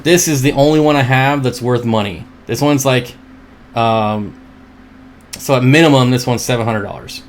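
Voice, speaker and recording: A man's voice: medium pitch, moderate pace, a little hiss or hum. A man hosting a casual livestream from home. He rambles, reads viewer comments aloud, answers them, and laughs at his own jokes. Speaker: livestream host.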